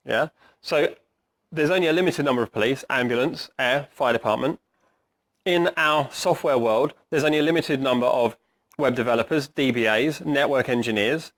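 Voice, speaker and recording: Casting note: middle-aged man, slightly high voice, hoarse, coaching a room in a chatty lecture, keeps asking the audience "right?". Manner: conversational, asks the audience questions, says "right?" often. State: hoarse, clearing his throat. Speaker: agile coach giving a talk. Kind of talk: conference talk to a live audience.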